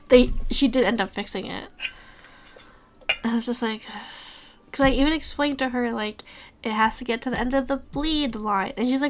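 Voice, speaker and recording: A woman's voice: on the high side, normal speed, long pauses, soft background music. A woman in her thirties, a streamer chatting casually while she edits, ranting and swearing as she tells work stories. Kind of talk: casual chat while editing.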